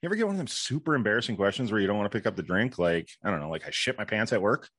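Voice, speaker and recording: A man in a comedic ad skit, asking curious quick questions. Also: on the low side, animated, fairly bright tone, slightly rough, dry recording.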